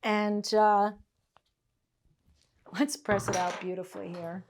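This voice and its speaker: A middle-aged woman talks her students through a tailoring lesson in her workshop at an unhurried pace. She speaks casually and chattily, laughing often and checking in with "okay?" and "all right?" as she goes. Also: medium pitch, level tone, background noise. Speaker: tailoring instructor. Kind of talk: casual teaching chat with anecdotes.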